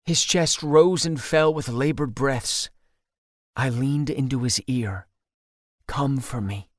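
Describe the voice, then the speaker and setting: A man narrating an audiobook in the first person, steady and intimate. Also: mid-range voice, takes it slowly, no echo, studio quality.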